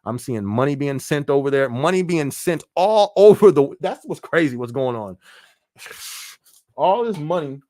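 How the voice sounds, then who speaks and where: A laid-back man with a somewhat high voice hosts a casual live-stream chat as a podcast host. The recording is dry and studio quality. He stays relaxed, laughs a lot, and reads viewer comments aloud.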